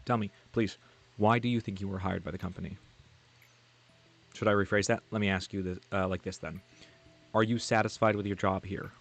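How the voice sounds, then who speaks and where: A man's voice: on the low side, fairly even intonation, a little fast, long pauses, faint music behind, voice pushed down, close to an everyday voice. A man voicing a secretive male corporate insider who calls in briefly, asking probing questions in a guarded, terse way. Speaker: game character read aloud.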